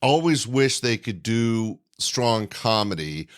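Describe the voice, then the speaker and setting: A man hosting a podcast, reflecting on what the guest said in a measured, thinking-aloud way. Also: on the low side, animated, clear, resonant tone. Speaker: podcast host. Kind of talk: conversational interview commentary.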